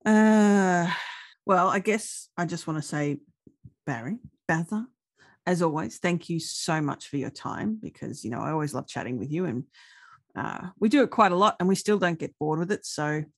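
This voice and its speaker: A woman's voice: fairly low pitch, animated, moderate pace. A woman co-hosting a podcast, chatting in a friendly, easygoing way and laughing often. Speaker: podcast co-host. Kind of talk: casual chat.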